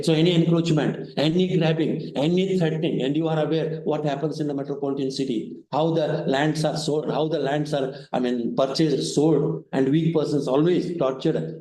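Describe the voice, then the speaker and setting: Professor lecturing in an echoey hall. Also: male voice, fairly high pitch, warm tone. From India. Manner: repetitive, asks rhetorical questions. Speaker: law professor. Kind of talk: classroom lecture.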